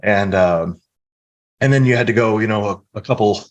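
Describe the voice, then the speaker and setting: A man's voice: on the low side, normal speed, muffled recording. A middle-aged man from the American Midwest, earnestly telling stories from his life as a guest in a casual podcast interview. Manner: earnest, storytelling, reflective.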